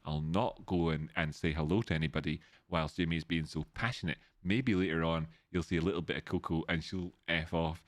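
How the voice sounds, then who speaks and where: A man's voice: low voice, fairly even intonation, brisk, few pauses, dry recording, pitched below the performer's own voice, natural voice. Coco, a wary woman muttering to herself, voiced by a man. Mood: grumbling. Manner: muttering inner thoughts, dismissive. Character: a woman named Coco, wary, keeping her distance.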